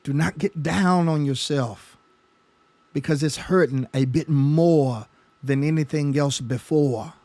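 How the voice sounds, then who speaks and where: A man's voice: a little high, takes it slowly, dark tone, dry recording. A man pastor teaching a Bible study sermon, emphatic, often repeating words as his passion builds. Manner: emphatic, stammering repetitions, rising passion.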